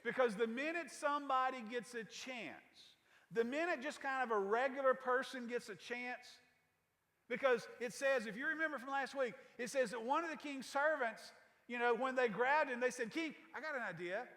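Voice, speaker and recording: A male pastor preaches a sermon in a folksy, conversational way, full of casual asides to the congregation. His voice is pitched very high for a man. A long reverb from the church sanctuary trails his words. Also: normal speed, bright, forceful tone.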